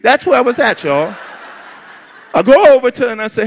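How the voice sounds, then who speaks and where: A man telling a personal story to an audience, animated and emphatic, with lots of repetition. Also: extremely high pitch, brisk. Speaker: storyteller on stage.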